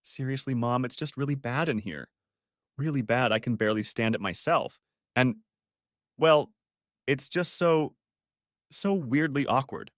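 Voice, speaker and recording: Male narrator doing a panicky young bride, high stammering voice, dry close sound. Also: a little slow, long pauses, no room sound, lightly acted. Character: flustered young woman bride, sneaky.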